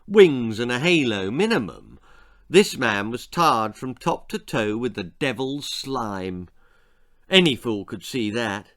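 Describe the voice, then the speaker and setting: A man's voice: medium pitch, fairly bright tone, no room sound. Man telling a playful storybook tale. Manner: playful, theatrical. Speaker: author reading his story. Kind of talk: storybook reading.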